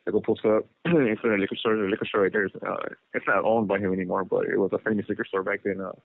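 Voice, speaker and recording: Talking fast in a lowish, level voice with vocal fry, a man from Los Angeles recounts his life story from prison over the phone. It's casual and rambling, heavy with fillers such as "you know" and "like," and the prison phone line sounds tinny.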